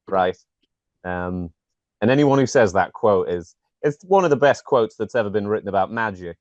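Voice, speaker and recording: A man, a guest talking quickly with lots of fillers. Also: low voice, animated, darkish tone, dry recording, highs cut off. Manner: quick, filler-heavy, uses "like" and "you know what I mean". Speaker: guest, magician and actor. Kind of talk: casual conversation.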